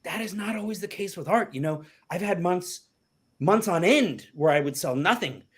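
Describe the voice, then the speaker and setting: A man's voice: high voice, lively intonation, normal speed, slightly rough. A man hosting a podcast, talking casually and animatedly, swearing freely. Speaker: podcast host, artist. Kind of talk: casual chat.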